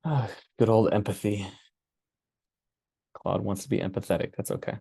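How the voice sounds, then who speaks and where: A man hosting a workshop, walking through his screen in a relaxed, casual way and thinking aloud with many fillers. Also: on the low side, normal speed, creaky, slightly rough, no echo, clean studio sound. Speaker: workshop host. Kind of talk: casual screen-share walkthrough.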